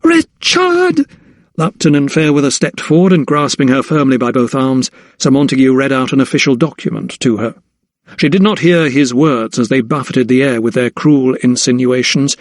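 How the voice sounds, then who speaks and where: Male audiobook narrator, measured storytelling, dry close voice. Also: medium pitch, dry recording. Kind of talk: scripted narration.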